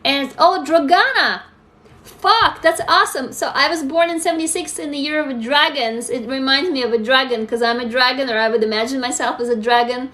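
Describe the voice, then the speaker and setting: A woman's voice: high voice, steady tone, quick pace, few pauses, fairly bright tone. A woman in her forties from Russia hosting a casual livestream, candid and emphatic, swearing freely as she answers viewer comments on a phone. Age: 40s. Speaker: livestream host.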